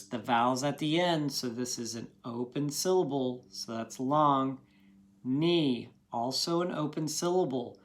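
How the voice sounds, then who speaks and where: A man teaching a recorded phonics lesson to young students. He talks patiently and encouragingly and sounds out words part by part. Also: mid-range voice.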